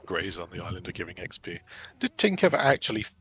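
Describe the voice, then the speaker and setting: A man's voice: low-pitched, big pitch swings, fast, bright, forceful tone, slight background noise. A man on a voice call, matter-of-fact, reading out test notes and chatting casually. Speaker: game server tester. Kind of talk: casual voice chat.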